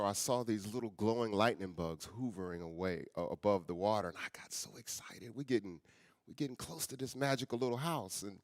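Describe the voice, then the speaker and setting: A middle-aged man, a guest speaker and author, telling a personal story in an earnest, conversational way and often dropping to a soft, quiet voice. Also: fairly low pitch, dry recording, clean studio sound. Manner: earnest, conversational, addresses audience as y'all; often drops soft and quiet for emotional moments.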